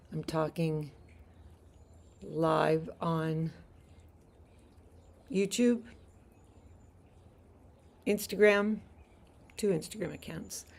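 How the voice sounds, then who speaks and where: Slow, low-voiced woman teaching Greek. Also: vocal fry. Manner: patient, explanatory, laughs easily. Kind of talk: live-streamed language lesson. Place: outdoors on a house deck.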